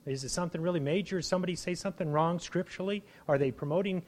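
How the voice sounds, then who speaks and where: A man giving an informal sermon to his church, conversational, with frequent restarts and animated exclamations. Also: fairly high pitch, rapid-fire. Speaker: preacher.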